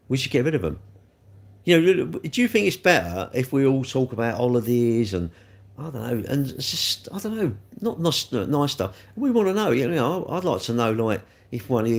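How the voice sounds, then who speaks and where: Male livestreamer, rambling, talks straight to chat, gravelly with a very lively pitch. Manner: rambling, repeats himself, talks straight to viewers. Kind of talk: live stream chat, reacting to viewer comments.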